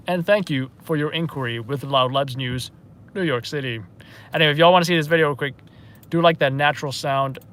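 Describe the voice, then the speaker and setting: A man's voice: a little high, fairly bright tone. A man hosting a live news stream, chatting casually and off-the-cuff with viewers.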